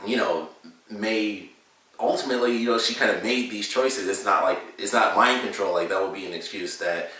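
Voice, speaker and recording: A man's voice: fairly low pitch, moderate pace, pushed and bright, recorded from a distance. A man giving a casual, rambling spoken review of a TV episode, with lots of fillers and restarts. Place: home room with a dog. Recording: very echoey room, voice a bit off mic.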